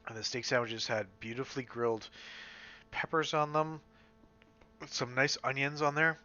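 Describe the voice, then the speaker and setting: A man's voice: mid-range voice, fairly even intonation, normal speed, sharp tone. A man from Western Canada vlogging in a casual, rambling way at home, full of fillers and restarts. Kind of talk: casual chat. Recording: slightly dull lo-fi sound.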